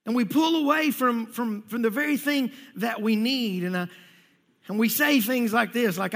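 Here the same kind of sermon comes at a normal speed: a pastor with a very high, somewhat bright voice and some vocal fry talks conversationally, repeating words often. He puts questions straight to the congregation, and a large church hall adds a long reverb.

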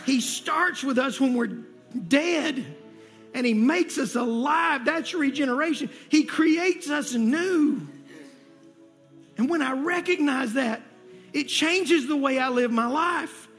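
A man's voice: very high voice, slow pace, fairly bright tone. A man preaching a sermon as pastor to his church, building to emphatic, repeated calls. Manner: preaching with rising intensity and emphatic repetition. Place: church sanctuary. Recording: long hall reverb with faint music.

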